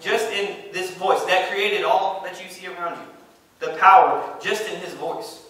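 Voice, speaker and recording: Man preaching, fairly high bright voice, emphatic and repetitive, echoey church room, heard from a distance. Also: steady tone, measured pace. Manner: emphatic, repeats phrases, reads scripture aloud. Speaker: pastor. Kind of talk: sermon. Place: church sanctuary.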